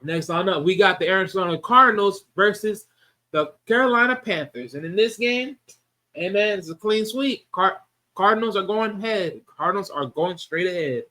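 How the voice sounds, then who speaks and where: A young man with a high voice hosts a casual football prediction show. He talks emphatically and repeats lines for weight, and he often restarts his sentences as he goes. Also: expressive, normal speed, bright, forceful tone. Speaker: sports show host. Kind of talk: casual sports predictions talk.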